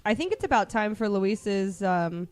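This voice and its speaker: A young woman joins a relaxed podcast chat in a playful, joking way. Her voice sits at an ordinary middle pitch. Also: unhurried, clean tone. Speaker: podcast co-host. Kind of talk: casual chat.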